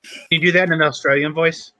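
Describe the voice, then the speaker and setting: A man with a bright, sharp tone and a slightly high voice co-hosts a casual podcast. He throws in teasing jokes and reads out viewer comments. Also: steady tone, fast talker, no echo. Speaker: podcast co-host. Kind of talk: casual chat.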